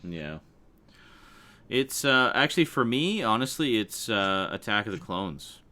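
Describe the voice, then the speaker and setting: Deep-voiced man reading chat aloud. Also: big pitch swings, unhurried, sharp tone. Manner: reads viewer comments aloud, laughs often. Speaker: livestream co-host reading chat. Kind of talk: casual chat.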